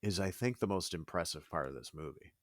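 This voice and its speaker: Deep-voiced man co-hosting a podcast. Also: a little fast, dry recording. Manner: animated, frequent "like", laughs. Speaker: podcast co-host. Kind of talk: casual podcast chat.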